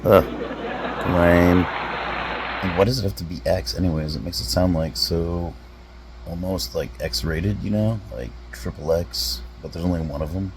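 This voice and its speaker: A man, a comedy vlogger, rambling through deadpan rhetorical questions with drawn-out pauses. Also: sits low, noisy background. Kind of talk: deadpan musing monologue.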